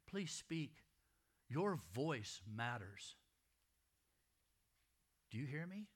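A pastor delivers a sermon in a church, talking plainly and directly to the people in front of him. His voice is bright and sits a bit high for a man. He keeps a folksy, conversational tone. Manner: folksy, conversational preaching, addresses congregation directly.

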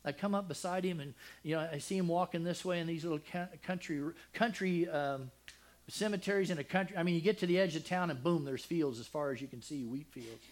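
An older man preaching a sermon, telling a personal family story with deep feeling, dropping to a hush and then rising loud, with many restarts. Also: brisk. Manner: emotional, swings from loud and high to hushed and soft; rambling with frequent restarts.

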